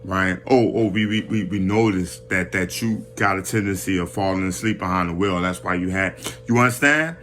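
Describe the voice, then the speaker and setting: A man's voice: sits low, moderate pace, few pauses, fairly bright tone, a little hiss or hum. A man giving a casual, slang-heavy boxing commentary rant, talking animatedly and restarting his phrases often.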